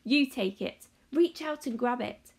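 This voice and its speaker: Woman doing an excitable eccentric chocolate maker. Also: fairly high pitch, unhurried, slightly rough, heavily acted. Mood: excited. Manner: excited, commanding, exclamatory. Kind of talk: storybook read-aloud.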